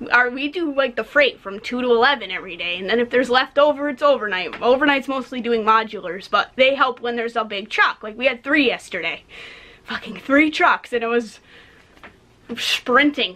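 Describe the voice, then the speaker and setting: A woman's voice: on the high side, pushed and bright. Exasperated young woman ranting bluntly. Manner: blunt, exasperated, swears freely, lots of "like". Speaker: vlogger, retail cashier. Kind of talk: casual ranting vlog.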